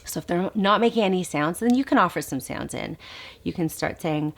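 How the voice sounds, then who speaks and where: A woman speech therapist giving calm, explanatory tips to parents, now and then modeling baby sounds in a sing-song. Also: on the low side, brisk. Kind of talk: instructional talk to parents.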